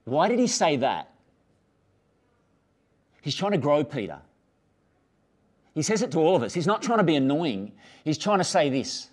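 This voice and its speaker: A lively man preaches a sermon to a congregation, his pitch swinging widely as he acts out the voices in his stories. He sits a little higher than most men, and he laughs easily and talks in a casual, friendly way. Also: moderate pace, pauses often. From Australia. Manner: animated storytelling, acts out dialogue, laughs easily. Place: church hall with live congregation and online stream.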